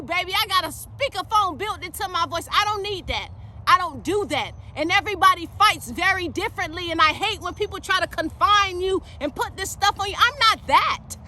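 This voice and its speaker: A woman preaches with force and urgency, her voice very high and piercingly bright. She speaks emphatically and calls her listeners baby. A faint hum of vehicle noise sits underneath. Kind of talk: fiery preaching monologue.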